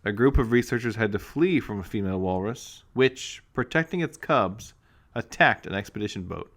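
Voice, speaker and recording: A man's voice: on the low side, animated, moderate pace, a bit bright. A man co-hosting a comedy podcast, reading news stories aloud with wry asides. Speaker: podcast co-host.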